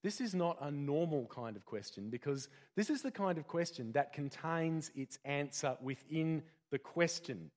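A pastor giving a conversational sermon full of rhetorical questions. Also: male voice, a little high, animated, moderate pace, hardly any pauses, a little mellow.

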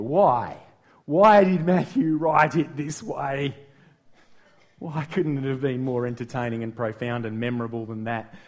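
A middle-aged man with an Australian accent delivers a sermon, his voice sitting a little high. He is playful and animated, asking the congregation questions and getting them to repeat words back to him. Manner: lively, playful, addresses the congregation directly. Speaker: pastor.

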